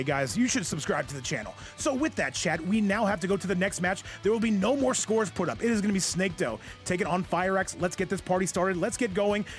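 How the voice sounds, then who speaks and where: A man hosting and commentating a fighting game stream in a casual, joking, rambling way, talking straight to his chat. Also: high-pitched.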